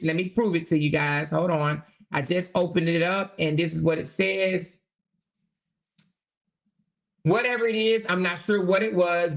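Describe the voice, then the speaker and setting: Woman doing a commentary vlog, reading texts out loud, sassy and swearing a lot. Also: fairly low pitch. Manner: blunt and profane, sassy asides; reads text messages aloud. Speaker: host.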